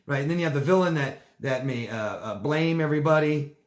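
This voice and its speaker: A man coaching live and answering viewer questions in casual talk, rambling and repeating himself, now and then mimicking people in mocking high voices. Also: brisk, roomy sound.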